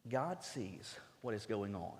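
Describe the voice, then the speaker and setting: A man's voice: fairly low pitch, sing-song, slow, a little mellow. Emphatic man preaching in a reverberant church. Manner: emphatic preaching with repeated stammered restarts. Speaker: pastor. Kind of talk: sermon. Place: church sanctuary. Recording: long reverb of a church sanctuary.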